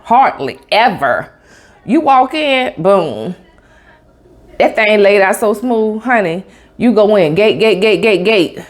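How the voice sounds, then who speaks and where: A woman's voice: medium pitch, sing-song, takes it slowly. A woman from Tampa, telling a sassy, emphatic story with sound effects in a casual vlog chat. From Tampa, Florida. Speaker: vlogger.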